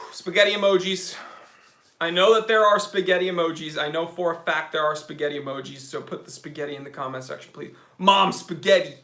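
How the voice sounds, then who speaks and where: Bright-voiced excitable male streamer. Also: on the high side, brisk. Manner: excitable, joking, talks to chat as bro. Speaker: watch channel host. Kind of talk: livestream chat, reading viewer comments. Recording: roomy echo.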